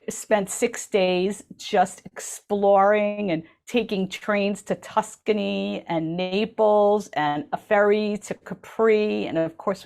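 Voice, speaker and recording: A woman's voice: mid-range voice, darkish tone. A woman co-hosting a radio talk show, telling a story in an enthusiastic, chatty way full of ums. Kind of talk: casual chat. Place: radio studio.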